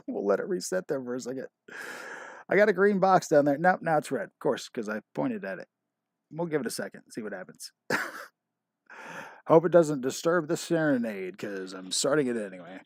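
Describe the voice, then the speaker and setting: A man's voice: mid-range voice, a little mellow, no echo, studio quality. Chuckling man hosting a livestream. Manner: chuckles often, self-deprecating banter. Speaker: livestream host calling bingo. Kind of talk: casual live-stream chat.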